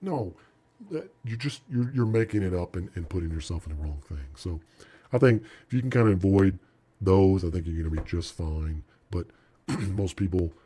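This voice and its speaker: A man teaching a trading lesson over charts, animated and emphatic, talking straight to the viewer. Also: deep voice, breathy edge. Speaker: trading instructor.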